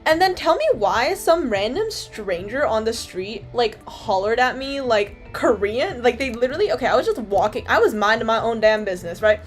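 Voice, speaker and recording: A woman's voice: fairly high pitch, animated, moderate pace, few pauses, soft background music. A young woman from Canada, chatting casually to her stream viewers in a rambling, filler-heavy way and swearing freely.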